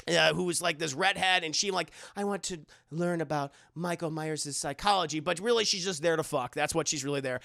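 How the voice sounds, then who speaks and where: Brief: snarky man recapping a bad movie, gravelly and bright, close and dry. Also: sits high, dry recording. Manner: sarcastic, rambling, swears often. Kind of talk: profane casual movie recap.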